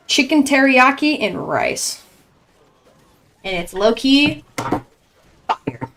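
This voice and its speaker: A young woman giving live esports commentary in a chatty, excitable way, reacting loudly to each play. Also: sits high, slight background noise. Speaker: esports caster.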